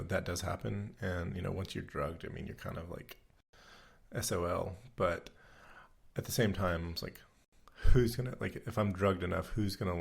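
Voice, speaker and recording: Gravelly, husky low-voiced man. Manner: rambling, many fillers and restarts. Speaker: podcast co-host. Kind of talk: casual chat.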